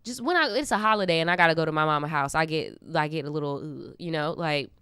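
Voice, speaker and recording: A woman's voice: low-pitched, fast, fairly bright tone, clean tone, no echo. A young adult woman hosting a casual storytime, reacting with slangy, candid commentary and laughing asides. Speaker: storytime host.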